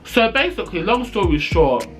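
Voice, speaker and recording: A man telling a storytime vlog, animated, sassy and profane. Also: sits high, moderate pace, soft background music. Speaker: vlogger.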